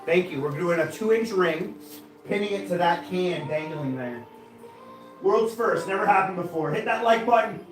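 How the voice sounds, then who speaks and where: A man hosting a casual live stream of knife-throwing trick shots, chatting to viewers and bursting into excited exclamations. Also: high voice, normal speed. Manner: excitable, breaks into loud exclamations. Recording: echoey room, voice far from the mic, music behind.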